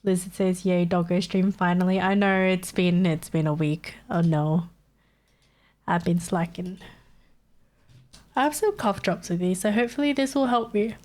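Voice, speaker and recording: A woman's voice: lowish voice, steady tone, normal speed, darkish tone. A young woman streamer with a stuffy nose and sore throat, chatting casually and answering her chat. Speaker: live streamer.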